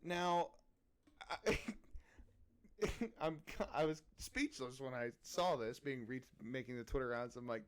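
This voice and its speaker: A young man co-hosting a relaxed podcast, joking and laughing through his talk. He reads posts aloud and breaks off into mocking asides. His voice sits in an ordinary middle pitch. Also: takes it slowly, long pauses, clear, resonant tone. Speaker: podcast co-host. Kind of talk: casual podcast chat.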